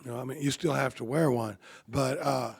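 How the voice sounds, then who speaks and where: A man, giving a folksy, joking recovery talk at a podium, halting often and restarting his sentences. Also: mid-range voice, creaky, breathy edge. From Texas. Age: 50s. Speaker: AA convention speaker.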